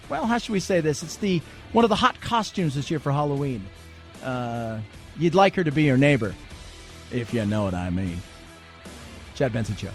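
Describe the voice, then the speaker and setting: A man's voice: a little high, vocal fry. A man hosting a talk radio show, joking and opinionated, slipping into mocking put-on voices. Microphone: studio microphone.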